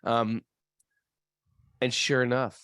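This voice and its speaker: A man telling a story in casual chat, acting out the characters' voices and swinging his pitch widely. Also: slow, clear, resonant tone, no room sound. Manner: animated storyteller, acts out voices in high falsetto. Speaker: podcast co-host.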